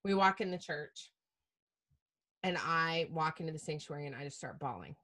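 A middle-aged woman telling a personal story as a podcast guest, animated and self-mocking, swearing casually. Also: deep voice, moderate pace.

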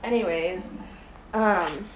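A woman's voice: lowish voice, slow, slight background noise. Chatty, foul-mouthed young woman vlogger. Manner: chatty, profane, self-deprecating. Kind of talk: casual rambling storytime while cooking. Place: home kitchen.

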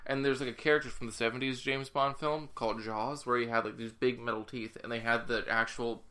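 Bright-voiced chatty man telling a story. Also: mid-range voice, fairly even intonation, a little fast. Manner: chatty, rambling storyteller with jokey asides. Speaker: podcast co-host. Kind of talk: casual chat.

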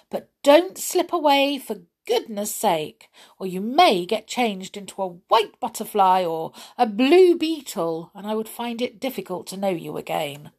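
A woman voicing a kindly female witch in a children's storybook reading, explaining things in a calm, reassuring way. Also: medium pitch. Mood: instructing. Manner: gently reassuring, explaining patiently.

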